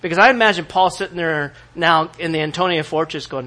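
A middle-aged male pastor preaching a sermon, animated and often acting out quoted voices. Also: on the high side, fast talker, few pauses.

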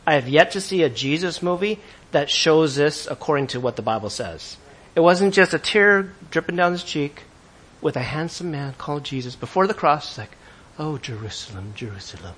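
A man preaching a sermon with energy, swinging between loud emphasis and quiet asides and asking his congregation questions. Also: on the high side, animated, normal speed. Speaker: pastor.

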